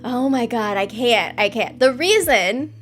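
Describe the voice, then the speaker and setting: Young woman streamer, high-voiced, giddy and easily excited, chatting casually with her viewers, faint music underneath. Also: a little slow. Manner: excitable, bursts into squeals and laughter. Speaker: livestream host. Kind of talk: casual livestream chat.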